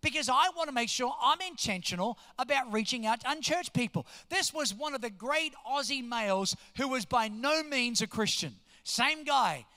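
A pastor in his fifties, telling a story from the pulpit and acting out every voice in it. His voice sits very high and rings bright and forceful. The sound carries a long reverb from a large church hall. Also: normal speed, hardly any pauses. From New Jersey, US. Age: 50s. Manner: animated storyteller, acts out quotes. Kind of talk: storytelling sermon.

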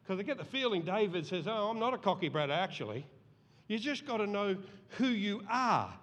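Brief: middle-aged male pastor, high lively voice, reverberant church hall. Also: slightly rough. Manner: animated, acts out voices in the story. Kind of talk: sermon. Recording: long reverb of a large hall.

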